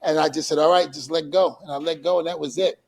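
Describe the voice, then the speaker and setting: Brief: male podcast guest, slightly high voice, animated storyteller who keeps laughing. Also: fast talker, gravelly, a loud crowd. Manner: acts out quoted dialogue, laughs often. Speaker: guest wrestler.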